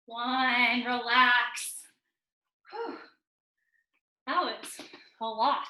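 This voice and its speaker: A woman's voice: high-pitched, measured pace, long pauses, sharp tone. A woman fitness instructor leading a live online workout class, counting down intervals and cueing form with joking asides, a little out of breath. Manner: upbeat coaching, counting down reps, joking asides. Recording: roomy echo.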